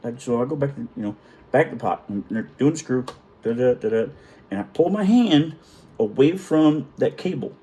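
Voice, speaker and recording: A man's voice: medium pitch, lively intonation, normal speed, mellow. A middle-aged man telling a story in a casual, profane, self-mocking way.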